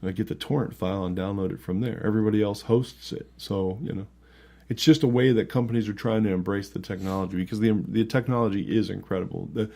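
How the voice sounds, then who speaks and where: A man with a low, gravelly voice talks loosely on a casual podcast. He rambles, jokes crudely and breaks into laughter easily. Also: fairly even intonation, fast, dark tone. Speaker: co-host.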